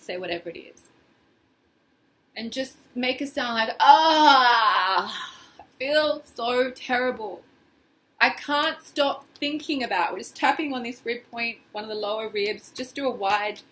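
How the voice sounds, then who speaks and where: A woman guiding a tapping exercise in a casual, expressive way, acting out feelings as she leads. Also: fairly high pitch. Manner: casual, expressive, acts out feelings in quoted phrases. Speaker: tapping session guide.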